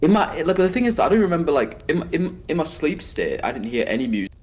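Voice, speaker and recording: A man's voice: a little high, very animated, fast. A young man with a Teesside accent, co-hosting a podcast in a chatty way, jumping in with asides. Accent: Teesside English. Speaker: podcast co-host. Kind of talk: casual chat.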